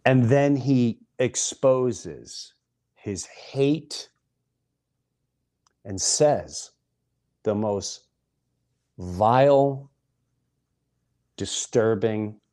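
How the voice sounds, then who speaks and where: Middle-aged guy ranting slow on his podcast, lowish voice, punches each word. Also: dark tone. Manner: emphatic, stresses single words with long pauses. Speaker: podcast host. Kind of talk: impassioned monologue.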